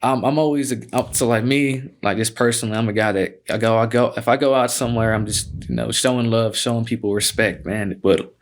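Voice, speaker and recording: A young man in his twenties talks loosely through a story, relaxed and profane, with a middle-pitched voice. He fills his sentences with "man" and restarts them as the story rolls on. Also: brisk, hardly any pauses. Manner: laid-back, profane, says "man" a lot. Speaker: podcast guest, fighter. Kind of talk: casual storytelling.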